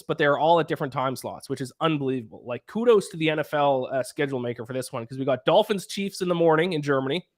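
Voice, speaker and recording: A man's voice: a little high, fairly bright tone. A man with a Canadian accent hosting a casual sports podcast, reeling off schedules and betting odds in an analytical way. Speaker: podcast host.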